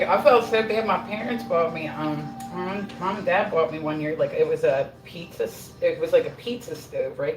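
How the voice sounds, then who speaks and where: On a home livestream, a middle-aged woman chats casually while baking, self-deprecating and loose with her swearing. Her low, darkish voice comes from a little way off the mic in a roomy kitchen echo, with music playing underneath.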